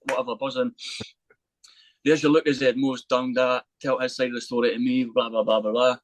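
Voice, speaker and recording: A man, a podcast guest telling a lively anecdote in casual chat, swearing freely and acting out the voices of the people in his story. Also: medium pitch, fairly quick, no room sound, poor audio.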